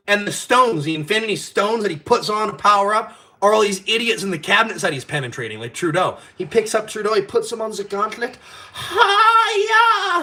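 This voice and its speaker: A man's voice: high voice, sharp tone. A man hosting a live stream, ranting in a heated, profane, rambling way while drinking. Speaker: host. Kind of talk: casual live-stream rant.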